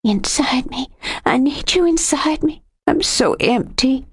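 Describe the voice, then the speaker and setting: A woman narrator voicing a proud, sharp-tongued young woman in an audiobook. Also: a little high, expressive, a little slow, voice pushed up. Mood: breathless, passionate.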